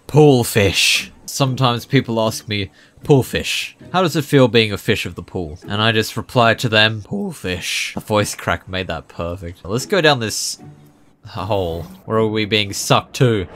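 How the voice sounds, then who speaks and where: A young man hosting a gaming channel, giving jokey, excitable commentary that bursts into loud yelps. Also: medium pitch. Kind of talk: gameplay commentary.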